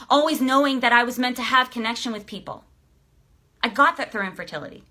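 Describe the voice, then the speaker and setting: Bright, forceful excitable woman coach. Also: a little high, a little fast. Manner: emotional and excitable, swears freely; emphatic, coaching questions to the audience. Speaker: life coach and author. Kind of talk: motivational live stream talk. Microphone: streaming live to viewers.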